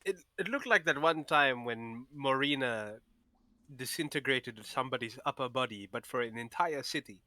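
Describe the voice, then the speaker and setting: Male player, bright and tense, jokey; dry close mic. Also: medium pitch, moderate pace, dry recording. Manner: joking, laughs often. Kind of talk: casual tabletop game chat.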